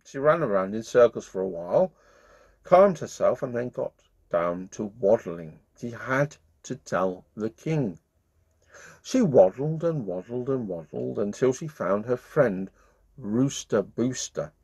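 A man's voice: mid-range voice, expressive, a little slow, husky. A man reading a bedtime story aloud to children in a playful, friendly way as the channel's storyteller. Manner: warm-hearted, playful, sings along.

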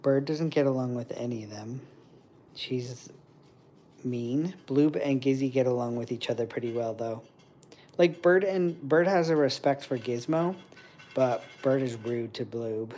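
A man hosting a casual stream, chatting with viewers and talking to his pet birds in soft, doting baby talk. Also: mid-range voice, unhurried, a little hiss or hum. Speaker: livestream host with pet birds. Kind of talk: casual chat with pets and viewers.

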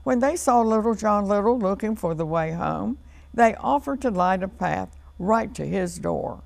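A woman reads a storybook aloud to children on a studio television program. Her delivery is slow and gentle, with a gravelly texture. The sound is close and dry. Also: medium pitch, lively intonation, no room sound.

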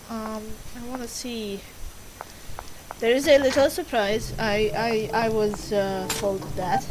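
A woman's voice: on the high side, background noise. A woman giving casual let's-play commentary on a horror game, reading its text aloud, laughing often and swearing over game music.

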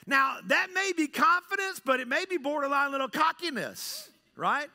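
Animated preacher with a gravelly edge. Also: male voice, very high-pitched, moderate pace. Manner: dramatic storytelling, swinging from loud to hushed; keeps asking "right?". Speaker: pastor. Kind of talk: sermon. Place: church sanctuary.

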